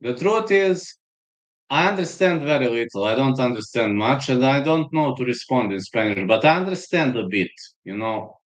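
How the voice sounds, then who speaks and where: A man's voice: mid-range voice, expressive, moderate pace, rough recording. Rambling Serbian-accented man on a live stream. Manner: rambling, storytelling, reading chat aloud. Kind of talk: casual live-stream chat.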